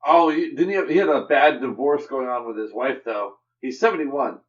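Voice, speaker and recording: A man's voice: mid-range voice, normal speed, far from the mic. Brief: young male podcast co-host, teasing banter, mid voice, dull lo-fi sound. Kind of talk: casual comics podcast chat.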